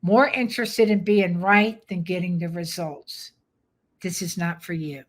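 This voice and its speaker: An older woman dog trainer giving a live webinar pitch, firm, direct and plainspoken. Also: fairly even intonation, measured pace.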